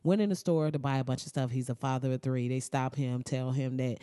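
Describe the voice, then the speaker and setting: A woman hosting comedic news commentary, blunt and animated, swearing freely and breaking into loud, high outbursts. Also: a little fast, no room sound, clean studio sound. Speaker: commentary host.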